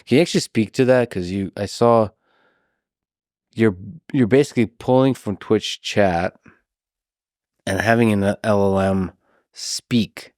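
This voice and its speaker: Low-voiced, soft-spoken male podcast host. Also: unhurried, pauses often, no room sound, studio quality. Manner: soft-spoken, asks questions. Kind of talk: interview.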